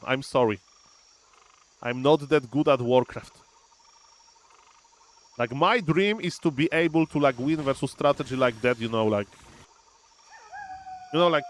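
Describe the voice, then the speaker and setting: Male streamer, mid pitch; animated live play-by-play of his own game. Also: a little hiss or hum. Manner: animated, often says "ladies and gentlemen", thinks aloud with fillers. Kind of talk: live gameplay commentary.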